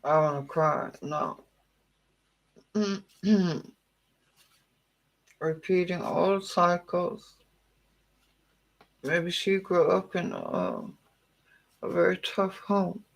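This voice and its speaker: A man giving an emotional tarot reading, talking earnestly with long pauses. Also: sits high, fairly even intonation, gravelly, poor audio. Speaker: tarot reader.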